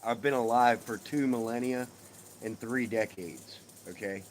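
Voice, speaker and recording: On a low-quality recording with slight background noise, a middle-aged man sits on his home porch outdoors, hosting a casual live stream. He talks with viewers in profane, joking banter, his medium-pitched voice unhurried.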